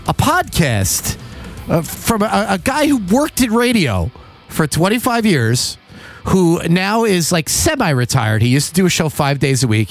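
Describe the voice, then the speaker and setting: Excitable high-voiced man co-hosting. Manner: laughs often, swears freely, excitable. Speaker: podcast co-host. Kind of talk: casual comedic chat.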